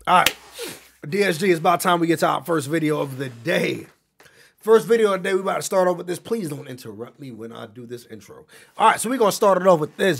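A young man, giving brash, crude reaction commentary as a streamer that swings from mumbling to loud ranting. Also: fairly high pitch. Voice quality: gravelly and husky. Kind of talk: casual profane reaction commentary.

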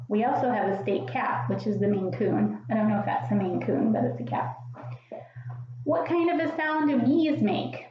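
A woman's voice: fairly high pitch, very echoey, dull audio, a little hiss or hum. A woman hosting a preschool sing-along, singing and making playful animal sounds while she asks young viewers questions.

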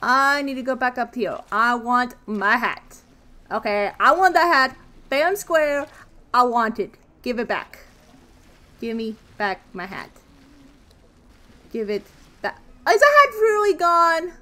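Woman doing let's play commentary, bright voice, slow-ish talk, yelps and swears a lot. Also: fairly high pitch, a little hiss or hum. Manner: excitable, loud exclamations and gasps, casual swearing. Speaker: gaming video creator. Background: faint game music.

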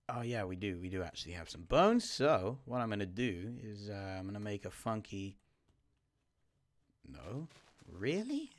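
A man giving live gameplay commentary, chatting to his teammate and swinging from quiet mutters to sudden startled yelps. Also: on the low side. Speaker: gaming YouTuber.

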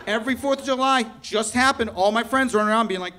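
A man's voice: very high-pitched, quick pace, few pauses, noisy background. A young man performing a stand-up comedy set, ranting in mock outrage to a live crowd. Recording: live venue with audible audience laughter. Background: audience laughter.

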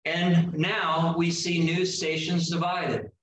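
A man preaching a sermon, slow and emphatic with dramatic pauses. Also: a little high, little pitch movement, a bit bright, a little hiss or hum. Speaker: pastor. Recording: echoey room heard from a distance.

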